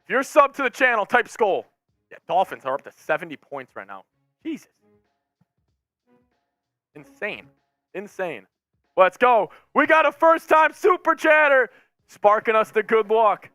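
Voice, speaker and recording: Hyped, yelling male fan streamer. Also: high-pitched, sing-song, a little slow, long pauses, dry recording, clean studio sound, soft background music. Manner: hyped, yelling, rambling play-by-play. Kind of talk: live fan reaction stream.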